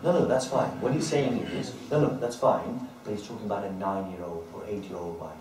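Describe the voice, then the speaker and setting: A man leading a class, telling a story from a street debate and acting out the shouting crowd, with frequent "right?" and "okay?". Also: fairly low pitch, brisk, slight background noise. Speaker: teacher leading a dawah class. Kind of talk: storytelling lecture with questions to the class. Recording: very echoey room, distant voice.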